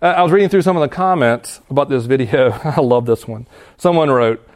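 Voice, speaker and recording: The mid-range, slightly mellow voice belongs to a male pastor speaking to students. He reads scripture and explains it in earnest, conversational preaching, restarting sentences and laughing quickly now and then.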